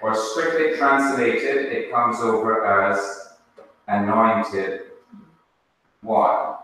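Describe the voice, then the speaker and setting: A man teaching a Hebrew class, explaining slowly and step by step. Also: on the low side, steady tone, sharp tone. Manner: slow, explains step by step, spells things out. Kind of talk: classroom lesson. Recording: echoey hall, speaker far from mic.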